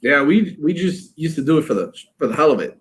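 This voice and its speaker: A man's voice: fairly high pitch, big pitch swings, fairly quick. Curious man bantering in casual chat. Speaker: podcast co-host.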